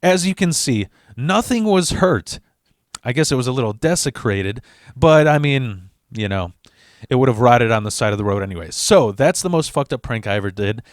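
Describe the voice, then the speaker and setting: Crude, lively storytelling man. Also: medium pitch, moderate pace, no echo, clean studio sound. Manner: crude, profanity-laden and laughing. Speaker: vlogger. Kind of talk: casual storytelling.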